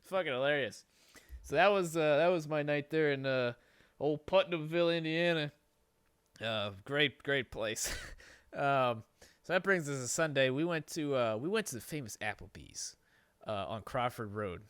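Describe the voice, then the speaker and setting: A man's voice: on the high side, expressive, normal speed, a bit bright, clear, resonant tone, no echo. A man telling a story on a podcast in a casual, rambling way, swearing and laughing often. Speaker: podcast host. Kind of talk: casual chat.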